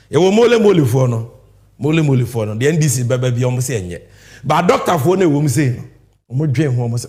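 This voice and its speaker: A man's voice: medium pitch, darkish tone. A man with a Ghanaian accent giving an emphatic, repetitive political speech that switches between English and Twi. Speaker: political party speaker. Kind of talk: rally-style political speech.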